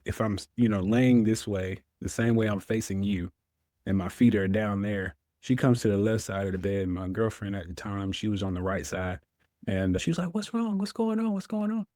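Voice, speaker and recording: A man's voice: fairly low pitch, fairly even intonation, moderate pace, warm tone, dry recording, studio quality. A man, a veteran guest telling his story in an interview, acting out his own past words.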